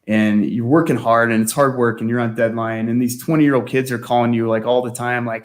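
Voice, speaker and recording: A man's voice: mid-range voice, steady tone, fairly quick, hardly any pauses. A man guest telling stories in a casual chat, often laughing and filling with "like". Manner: chatty storyteller, laughs often, fills with "like". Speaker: guest, former magazine staff writer.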